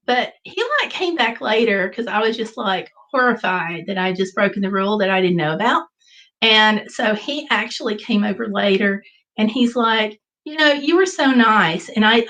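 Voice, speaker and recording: A woman's voice: medium pitch, low-quality recording. Chatty woman hosting a livestream. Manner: animated storytelling, reading chat comments aloud. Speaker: livestream host. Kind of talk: casual live chat.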